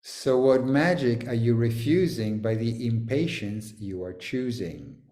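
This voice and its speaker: Animated man coaching on a video call. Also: mid-range voice, measured pace, reverberant. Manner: animated, swearing, joking and teasing. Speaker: facilitator leading a call.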